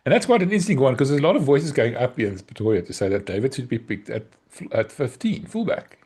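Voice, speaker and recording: A man's voice: mid-range voice, big pitch swings, fast, darkish tone, breathy edge. A man from South Africa with a South African accent, co-hosting a podcast in casual, teasing chat. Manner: teasing, chatty, laughs often. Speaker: podcast co-host.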